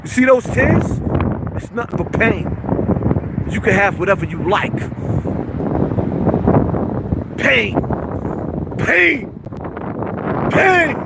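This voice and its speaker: Crying man, very high strained voice, slow words, wind noise on the mic. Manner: anguished, shouting at times. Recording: outdoor recording with wind noise.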